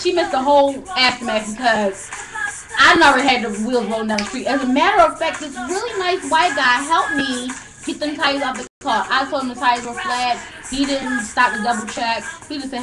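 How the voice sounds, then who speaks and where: A young woman telling a long story in casual chat, animated and profane, laughing often. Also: sits high, a little fast, background noise.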